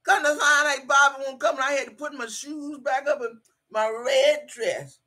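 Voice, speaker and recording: A woman hosting a casual live stream, reading the chat out loud, swearing freely, laughing often and hollering in bursts. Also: sits high, moderate pace. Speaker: livestream host.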